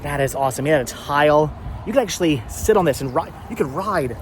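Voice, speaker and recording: Man, enthusiastic vlogger, slightly high voice, outdoor recording with faint traffic noise. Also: animated, quick pace. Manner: enthusiastic, repeats himself, laughs often. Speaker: vlogger host. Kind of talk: casual vlog narration. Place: outdoors at a car wash by a road. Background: faint traffic and honking.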